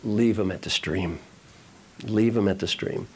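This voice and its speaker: A man's voice: on the low side, a little slow, slightly rough. Man giving a coaxing motivational talk. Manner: repetitive, coaxing, addresses audience directly. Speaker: motivational speaker.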